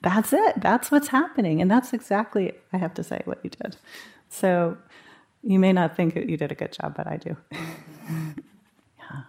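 A woman with a fairly low voice teaches meditation to a retreat group in a meditation hall. She talks in a loose, conversational way and slips into animated quoted asides to show inner thoughts. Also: normal speed, creaky. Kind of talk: guiding a live retreat group.

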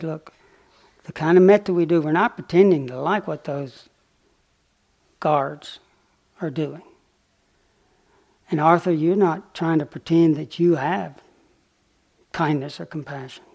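Gentle, unhurried male meditation teacher. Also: a little high, breathy edge. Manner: gentle, unhurried, with pauses and fillers. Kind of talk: dharma talk storytelling. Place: retreat center meditation hall.

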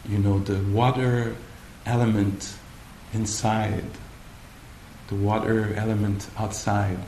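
A male meditation teacher giving a gentle, playful dharma talk with frequent pauses. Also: fairly low pitch, level tone, slight background noise. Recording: roomy hall with faint ambience.

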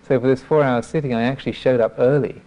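A Buddhist monk teacher gives a dharma talk in a self-deprecating storytelling style, halting and restarting many times. His voice is medium-pitched and steady, captured in lo-fi sound against a noisy background.

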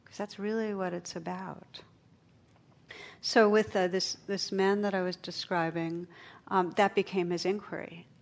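A middle-aged woman giving a meditation talk, telling stories and jokes with gentle pauses. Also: mid-range voice, steady tone, vocal fry. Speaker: meditation teacher. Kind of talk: dharma talk.

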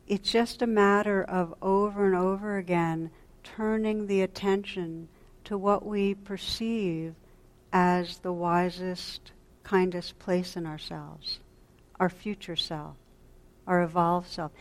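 A woman with a somewhat low voice gives a dharma talk to a retreat audience. She speaks gently and reflectively, often sinking into a soft hush. She pauses and restarts her sentences as she thinks. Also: fairly even intonation. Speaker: meditation teacher.

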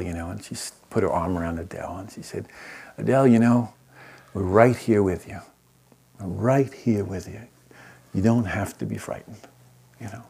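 A man who teaches meditation, telling a story to an audience in a gentle, unhurried way and often checking in with his listeners. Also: on the low side, creaky, breathy edge. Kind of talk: storytelling talk to a live audience.

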